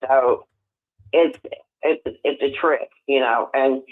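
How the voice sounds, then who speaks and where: An older man calling in on the phone, talking in a rambling, halting way with many restarts. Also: medium pitch, fairly even intonation. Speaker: caller. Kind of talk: casual phone chat. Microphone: telephone. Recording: tinny phone line.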